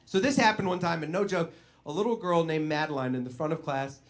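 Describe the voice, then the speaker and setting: High-voiced man doing stand-up. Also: a little fast. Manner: animated storyteller, self-deprecating. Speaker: stand-up comedian. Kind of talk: stand-up comedy.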